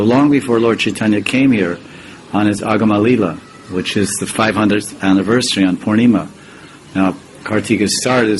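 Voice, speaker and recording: An older man with a low voice gives a devotional class in an easygoing storytelling way. He chuckles often and drifts into side remarks and wordplay. A faint ambient hum sits under the recording. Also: poor audio. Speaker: spiritual teacher giving a class.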